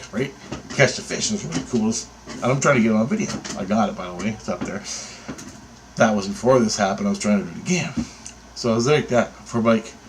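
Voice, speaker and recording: In a rough recording with a little hiss or hum, a man with a mid-range voice tells an angry story about his bird photography. He rants heatedly and sarcastically, with plenty of profanity.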